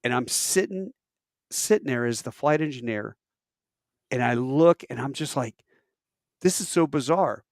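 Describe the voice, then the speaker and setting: A man's voice: mid-range voice, normal speed, long pauses, no room sound, studio quality. A man in his fifties, an airline pilot and podcast co-host, telling a long personal story in casual chat and acting out the people in it. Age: 50s. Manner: animated storyteller acting out quoted voices.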